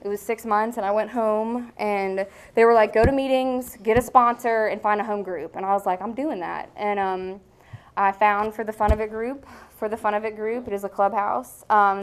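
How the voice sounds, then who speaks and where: A woman's voice: medium pitch, smooth. A young woman from the American South sharing her recovery story frankly, with casual swearing and many fillers. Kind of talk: candid personal testimony.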